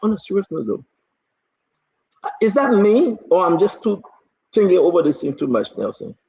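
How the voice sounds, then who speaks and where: A man's voice: high voice, sing-song, moderate pace, creaky, darkish tone, dull audio. A man from Liberia with a Liberian accent, hosting a casual political talk show, teasing and pushing his guest with many restarts.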